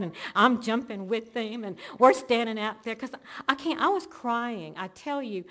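With a medium-pitched, slightly bright voice, a church member shares her heartfelt personal faith testimony, moving through events one after another with real emotion.

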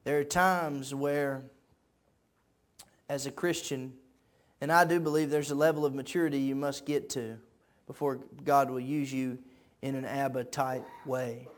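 A man preaching a sermon, moving from quiet conversational talk up to shouted peaks, repeating phrases in a preacher's cadence. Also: mid-range voice, flat delivery, a little slow. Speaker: pastor.

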